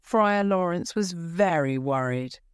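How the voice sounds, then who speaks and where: Low voiced lady reading a story real slow for learners, smooth and dry. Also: animated, dry recording. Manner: slow, careful, clear reading. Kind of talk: slow graded-reader narration for English learners.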